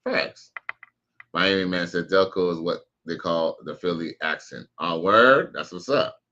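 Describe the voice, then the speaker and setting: A man's voice: deep voice, moderate pace, sharp tone, dull audio, slight background noise. A man casually commenting on a live stream, slangy and profane, reacting to clips and reading out chat. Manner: laid-back, slangy, profane, reads out chat messages.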